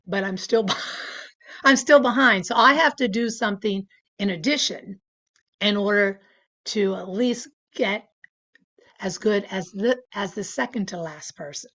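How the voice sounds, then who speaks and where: A woman's voice: medium pitch, a little slow, fairly bright tone, muffled recording. Chatty older woman telling a story. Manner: chatty, laughs often, many fillers. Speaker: interview guest. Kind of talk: casual storytelling.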